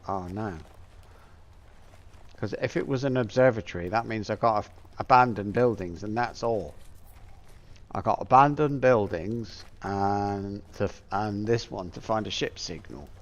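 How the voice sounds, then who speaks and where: A middle-aged man from Plymouth talks to himself while he plays. His low voice wanders from thought to thought with plenty of ums and trailing half-sentences. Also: dull audio. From Plymouth, England. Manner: rambling, musing aloud with many fillers. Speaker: gameplay streamer. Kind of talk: casual gameplay commentary.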